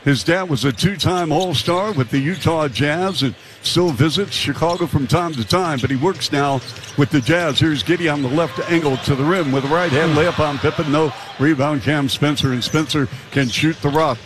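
A male play-by-play announcer calling a basketball game, with rapid, punchy calls that rise to shouts on big plays. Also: a little high, noisy background. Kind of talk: live basketball commentary.

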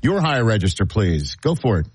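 A man hosting a casual sports talk show, talking fast and animated, swinging his voice from deep to high. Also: breathy edge, no echo. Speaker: host, father of Cooper.

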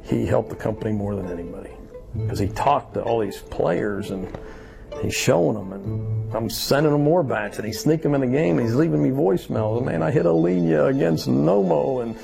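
A man's voice: mid-range voice, fairly quick, vocal fry, music in the background. A man from Louisiana, a baseball bat maker, telling a story as a guest and acting out what other people said. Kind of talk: storytelling interview.

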